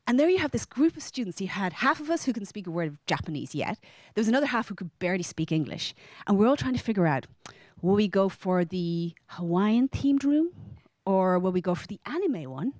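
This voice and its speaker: Irish woman telling a story on stage, animated, dry close mic. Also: a little fast, no echo. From Ireland. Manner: lively, animated, acts out quoted lines in a higher voice. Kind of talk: personal story told to a live audience.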